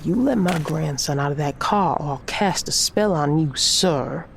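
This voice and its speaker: An actress playing a protective, loving old grandmother witch in an audio drama, firm and warm. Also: deep voice, unhurried, creaky, a little hiss or hum. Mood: stern. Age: older.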